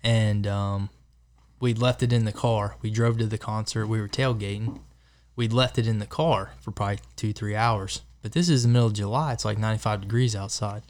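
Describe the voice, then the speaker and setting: A man's voice: lowish voice, steady tone, a little fast, a little mellow. A man on a podcast in a studio, telling an easygoing, chatty story to friends. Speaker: podcast guest. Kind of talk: casual storytelling among friends.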